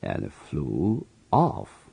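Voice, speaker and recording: Male reading teacher, very slow, gravelly, dark and husky, phrase-by-phrase reading for learners. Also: rumbling low, huge pitch swings. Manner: reads each phrase slowly and evenly for repetition. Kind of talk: slow read-aloud for learners to repeat.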